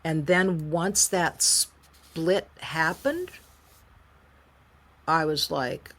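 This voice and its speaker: Woman, middle-aged, deep voice, candid, emotional, animated storyteller. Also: slow pace, pauses often. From United States. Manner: frank, emotional, animated retelling with quoted voices. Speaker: interview guest, singer-songwriter.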